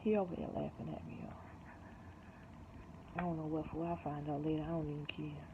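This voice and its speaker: An exhausted, winded vlogger talking slowly and softly in a personal video diary. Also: medium pitch, little pitch movement. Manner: slow, tired, soft-spoken. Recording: tinny phone-like sound with background noise.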